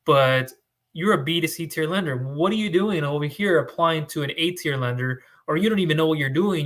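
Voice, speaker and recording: Male broker, fairly high bright voice, emphatic and chatty advice. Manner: emphatic, repetitive, conversational. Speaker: business loan broker. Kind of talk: direct-to-camera advice talk.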